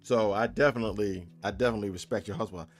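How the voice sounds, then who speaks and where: A man's voice: on the low side, racing, soft background music. A man chatting casually on a live dev stream, reading and answering chat in a loose, joking way and laughing often. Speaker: game developer streamer.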